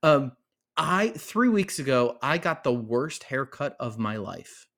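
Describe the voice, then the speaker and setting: A man with an average pitch who co-hosts a live-streamed podcast. He talks in a loose, chatty way and pokes fun at himself. He sounds relaxed and conversational. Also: slow. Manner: chatty, self-deprecating storytelling. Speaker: podcast co-host. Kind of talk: casual live-stream chat.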